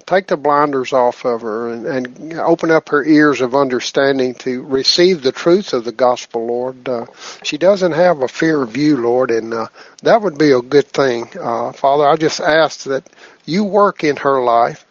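A man's voice: medium pitch, no echo. Earnest man praying on a muffled conference line. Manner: earnest, repetitive "Lord" between phrases. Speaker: prayer line leader. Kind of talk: leading spoken prayer on a conference call. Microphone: phone on a conference call.

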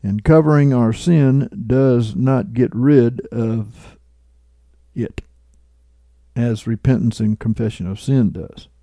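A man with a warm, medium-pitched voice speaks slowly in a dry recording. Preaching informally, he recounts a dream and explains its meaning, chuckling at his own lines and checking in with listeners using "right?" and "okay?".

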